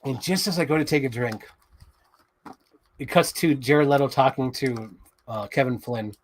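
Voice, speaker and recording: A man hosting a toy unboxing show in casual chat, rambling excitedly and swearing freely. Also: medium pitch, moderate pace, slight background noise.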